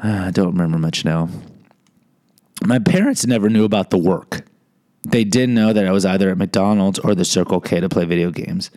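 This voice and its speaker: A man's voice: sits low, a little mellow. A man hosting a podcast, telling a personal story in a candid, self-deprecating monologue with frequent restarts. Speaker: podcast host.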